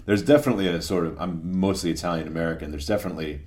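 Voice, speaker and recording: A middle-aged man with a very deep voice talks as a guest on a podcast. He is from New England and speaks in a relaxed, halting way, often restarting his phrases. His speech is conversational and unhurried. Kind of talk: conversational interview.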